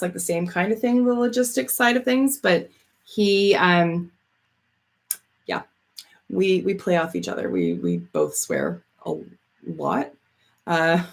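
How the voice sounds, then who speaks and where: A woman in her thirties from Canada chatting casually with live viewers, swearing freely, laughing often and reading out their comments. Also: on the low side. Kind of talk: casual livestream chat.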